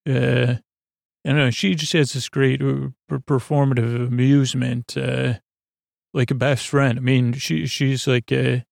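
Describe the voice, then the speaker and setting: A man hosting a sleep podcast, recapping an episode in a rambling, halting way full of fillers and restarts. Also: medium pitch, flat delivery, creaky, no room sound, studio quality.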